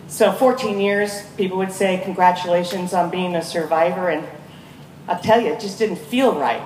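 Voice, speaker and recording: A woman in her fifties giving an energetic, rallying speech as guest speaker at a charity walk, calling out to the crowd. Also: medium pitch. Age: 50s. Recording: echoey PA from far off, crowd noise.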